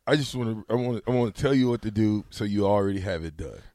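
A man's voice: fairly low pitch, fast, no echo, clean studio sound. A man in his forties, a sports show host, chatting casually and mockingly. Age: 40s. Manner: mocking, laughing, animated. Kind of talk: casual chat.

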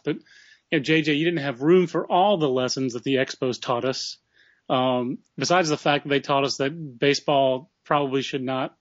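A man's voice: mid-range voice, dry recording. Chatty man hosting a podcast. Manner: chatty, reads sponsor plug. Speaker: podcast host. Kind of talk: casual podcast chat. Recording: dull lo-fi audio.

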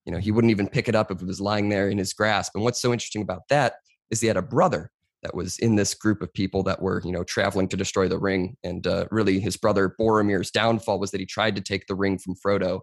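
A man's voice: low-pitched, steady tone, fast talker, vocal fry, no echo, studio quality. A young man speaking as a podcast guest, explaining at length in a casual conversation and often saying "you know".

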